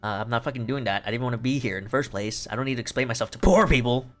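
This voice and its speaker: This is a bitter, prideful Roman general who spits profanity at common people, as a man puts him on while retelling a story. The voice sits low and grumbling, quieter than normal speech. It comes across as contemptuous and hot-headed. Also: very fast, faint music behind, close to an everyday voice. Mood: scornful.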